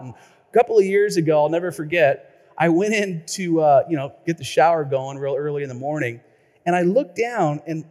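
Male pastor, high voice, lively storyteller, sermon with long hall reverb. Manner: lively storytelling, repeats words when excited.

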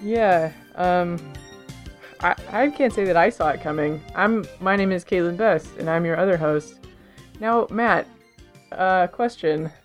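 A woman co-hosting a casual comedy podcast, asking questions and playing along in a deadpan way. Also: on the low side, a little slow, soft background music. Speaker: podcast co-host.

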